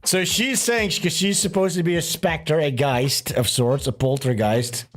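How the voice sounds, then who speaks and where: A man hosting a stream, giving casual reaction commentary in an animated, mocking way and laughing often. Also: on the high side, normal speed. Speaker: streamer host.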